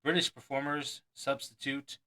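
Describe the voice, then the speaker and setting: A man's voice: mid-range voice, level tone, moderate pace, sharp tone, low-quality recording. A man and magician reading a magic book aloud, chuckling and breaking off to add his own asides between passages. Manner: acts out quoted lines with mock enthusiasm.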